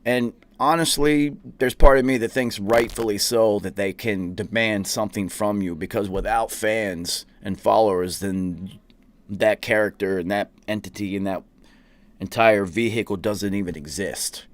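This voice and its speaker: Young male podcast host, low voice, loose profane storyteller. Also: steady tone, a little slow. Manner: profane, rambling anecdotes with laughs. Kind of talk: casual storytelling.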